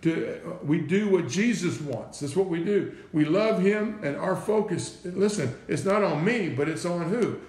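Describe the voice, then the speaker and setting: A man gives a loose, conversational sermon, circling back over his phrases and throwing out rhetorical questions to his listeners. His voice sits a little high for a man. The room around him rings with echo. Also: animated, a little slow, hardly any pauses, darkish tone. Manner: repeats himself, asks rhetorical questions, says "right?" and "listen". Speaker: preacher. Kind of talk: informal sermon. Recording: echoey room.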